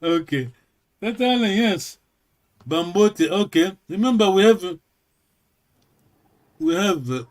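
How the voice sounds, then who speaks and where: A man teaching a language class in a halting way, repeating words and checking in with "yes?" again and again. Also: a little high.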